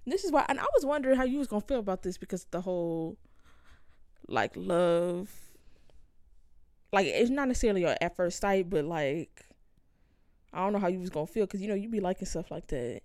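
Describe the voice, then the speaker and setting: A woman's voice: fairly low pitch, expressive, fairly quick, long pauses, dark tone, no room sound, studio quality. A woman co-hosting a podcast, chatting casually about a novel with lots of fillers and acting out the characters' lines. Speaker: podcast co-host. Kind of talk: casual book club chat.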